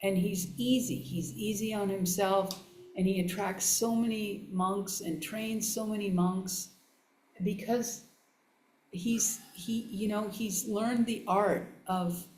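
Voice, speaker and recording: A woman giving a relaxed, chatty dharma talk to a live audience, laughing often and restarting her sentences. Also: mid-range voice. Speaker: Buddhist nun teacher. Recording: echoey room.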